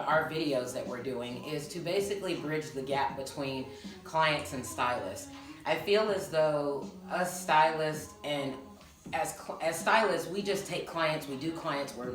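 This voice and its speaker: A laid-back woman from Georgia, a hairstylist in her thirties, chatting casually as co-host and telling stories with laughs. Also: sits low. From Georgia, US South. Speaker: hairstylist and salon owner, co-host. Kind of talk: casual chat. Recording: roomy, from a distance.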